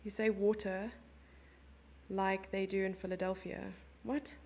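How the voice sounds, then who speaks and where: A woman's voice: medium pitch, little pitch movement, unhurried, gravelly, darkish tone. A young South African woman commentating a chess stream live and chatting with her viewers in a giggly, casual way. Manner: chatty, giggly, reads chat messages aloud.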